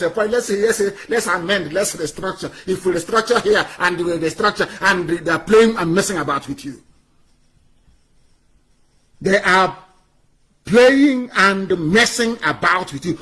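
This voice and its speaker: A high-voiced man with a Nigerian English accent speaks in a fiery, scornful way. He hammers his points home by repeating phrases, like an activist rallying his followers in a political broadcast. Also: fairly bright tone, slightly rough.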